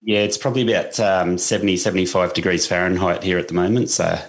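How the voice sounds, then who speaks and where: An Australian man with an Australian accent, a lawn care business owner chatting as a guest from home in a relaxed, easygoing way, with a slight tickle in his throat. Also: deep voice, quick pace. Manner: relaxed, easygoing, laid-back. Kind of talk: casual interview chat.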